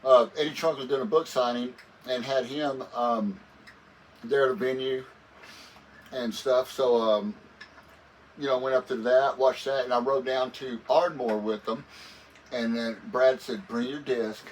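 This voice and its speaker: A man's voice: mid-range voice, steady tone, measured pace. A man guest musician telling stories casually in an interview, rambling and laid-back, often saying "man". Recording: voice a bit far from the mic with faint noise.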